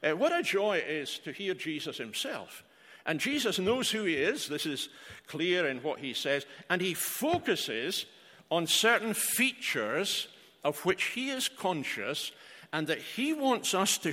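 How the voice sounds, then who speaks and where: A man's voice: on the high side, pushed and bright. An older man preaching a sermon, earnest, with rhetorical questions and frequent hesitant fillers. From outside Australia. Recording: reverberant hall.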